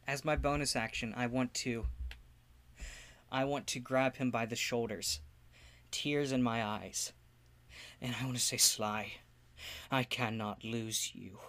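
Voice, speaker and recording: A man playing a tabletop game, talking in an excitable, casual way. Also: medium pitch, unhurried, long pauses. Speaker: player.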